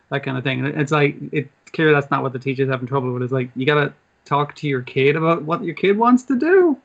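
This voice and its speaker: Man, podcast co-host, rapid-fire, slightly raised pitch, swears freely, dull muffled audio. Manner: animated, swears freely, acts out quotes. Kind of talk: casual chat recapping anime.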